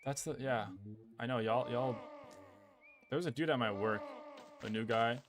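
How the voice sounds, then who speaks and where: A man's voice: medium pitch, normal speed, background noise. A young man streaming a game, rambling casually, swearing at the game and chatting with his viewers. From Australia. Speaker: gaming streamer. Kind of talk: casual gameplay chat.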